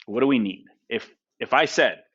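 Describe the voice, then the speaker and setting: A man's voice: mid-range voice, moderate pace, a bit bright, breathy edge, highs cut off. A man teaching a math class, who keeps asking his students questions and tags his points with "right?" and "okay?". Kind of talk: classroom lecture.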